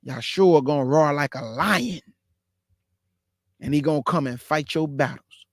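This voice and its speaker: A man with a high-pitched voice preaches with fervent, repeated calls to his listeners. His sound is dry and close. He also prays aloud in a pleading way. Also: moderate pace, long pauses, no echo. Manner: fervent, repetitive exhortation. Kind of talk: sermon closing with prayer.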